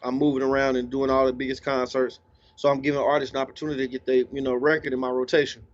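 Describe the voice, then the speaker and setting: A laid-back man talks slangily as a guest DJ, voice at an ordinary pitch. The recording sounds a little dull and lo-fi. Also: level tone, fast talker. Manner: laid-back, slangy, eating while talking. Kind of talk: casual interview talk.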